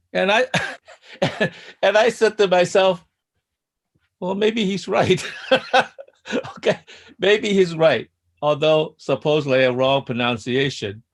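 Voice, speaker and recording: A man's voice: medium pitch, gravelly. A man in a study group telling a rambling story, chuckling at his own points. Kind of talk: casual group discussion.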